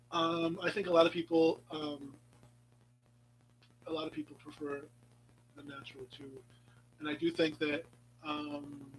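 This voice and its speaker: A man's voice: a little high, slight background noise, poor audio. Chatty man hosting a live stream. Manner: chatty, meandering, lots of ums and restarts; playful, sometimes drops to a whisper. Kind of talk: casual live chat with viewers.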